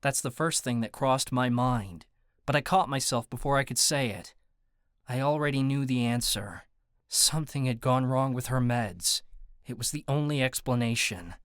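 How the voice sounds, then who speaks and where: A man narrating a first-person audiobook in a steady, even storytelling manner. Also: mid-range voice, normal speed, clean tone, dry recording, clean studio sound. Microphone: close studio mic.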